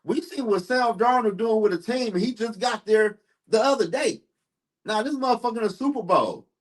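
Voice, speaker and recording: A man's voice: sits high, normal speed. A man hosting a live sports stream, ranting heatedly and profanely while answering his chat.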